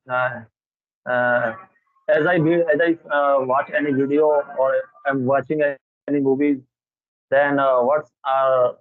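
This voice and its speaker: A man's voice: mid-range voice, no room sound. A man with an Indian English accent, a guest in a casual chat, speaking hesitantly with frequent fillers. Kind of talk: casual conversation. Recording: dry tinny phone line.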